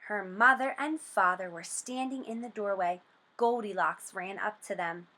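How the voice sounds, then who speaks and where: A woman reading a storybook aloud for children, slow, expressive and sing-song, then asking comprehension questions. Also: mid-range voice.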